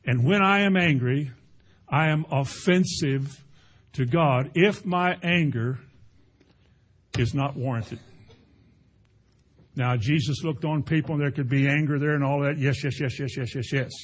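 A man's voice: mid-range voice, measured pace, long pauses. A man preaching a conversational sermon, telling homely stories with playful sound effects. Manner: folksy, animated storytelling with sound effects. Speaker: pastor.

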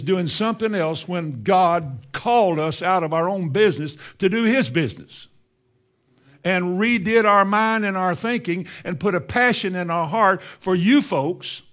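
An older man preaching a sermon in a folksy, emphatic way, moving from quiet asides to loud insistence. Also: high voice.

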